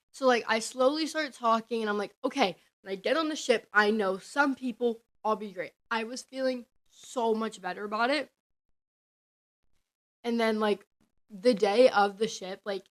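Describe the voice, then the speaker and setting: A woman's voice: medium pitch, a bit bright. A young woman, telling a story on her podcast in a rambling, chatty way full of "like"s. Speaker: podcast host. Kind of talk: casual storytelling.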